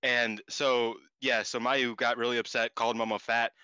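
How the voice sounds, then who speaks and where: Excitable guy cohosting a podcast, bright voice, dry close mic. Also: medium pitch, moderate pace, smooth, dry recording. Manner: excitable, laughing, swearing, voice jumping up in disbelief. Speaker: podcast co-host. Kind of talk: casual chat recapping wrestling.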